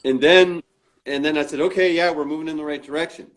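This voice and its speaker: A man's voice: on the high side, fairly even intonation, quick pace, fairly bright tone. A man as an interview guest, telling a story in casual chat. He acts out the quoted dialogue and often restarts and fills with "you know" and "uh". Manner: frequent restarts and fillers.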